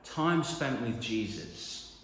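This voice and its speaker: A man's voice: mid-range voice, lively intonation, slow pace, a bit bright, a little hiss or hum. A man preaching a conversational sermon in a church hall, with joking asides to the congregation. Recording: echoey hall, reverberant.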